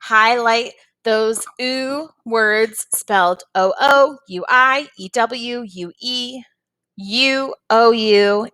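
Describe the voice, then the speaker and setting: A woman's voice: fairly high pitch, very slow, bright, forceful tone, clear, resonant tone, no echo. A woman teacher patiently walking young students through a phonics and reading lesson, step by step.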